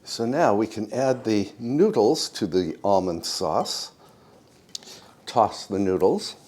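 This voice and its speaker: A man narrating his own home cooking vlog in a soft-spoken, unhurried and homey way, speaking to his viewers as friends. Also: on the low side, lively intonation.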